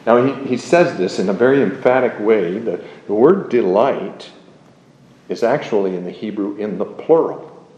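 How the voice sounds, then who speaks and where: A man preaching a sermon in a slow, measured, emphatic way, explaining a psalm verse by verse. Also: fairly low pitch, animated, darkish tone. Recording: muffled, roomy recording.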